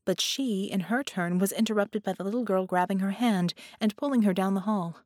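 A woman reads an audiobook in a clear, measured storytelling voice. Her pitch sits in the middle of the range. The recording is dry and close, with no room sound. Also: a little mellow, dry recording. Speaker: audiobook narrator. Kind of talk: scripted audiobook narration.

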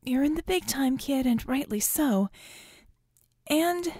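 A quick-witted young woman tech hero, as an audiobook reader plays her, joking and rushing through plans in a lifted, mellow voice. The recording is close and dry. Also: high voice, lively intonation, no room sound, voice pushed up.

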